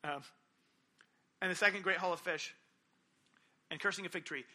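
A man's voice: high voice, moderate pace, pushed and bright. A young man preaching a sermon, retelling stories animatedly and acting out the quotes.

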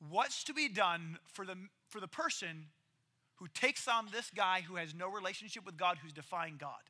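A male preacher with an unusually high voice tells a sermon like a story. His tone is very bright and sharp, and he keeps it conversational and animated. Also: moderate pace. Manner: lively, conversational, acts out quoted characters.

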